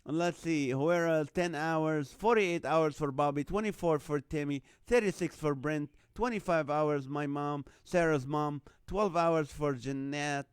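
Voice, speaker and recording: A man's voice: on the high side, clear, resonant tone, no room sound, clean studio sound. A man from the Middle East hosting a casual live online show, reading out viewer comments and guesses with frequent laughter. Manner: jokey, laughs often, chuckling while reading names and numbers.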